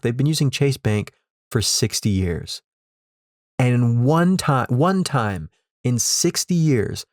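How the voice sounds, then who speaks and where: In clean studio sound with no echo, a male podcast host with a medium, slightly mellow voice launches into a sarcastic comedic rant on a studio microphone. He swears and keeps repeating himself.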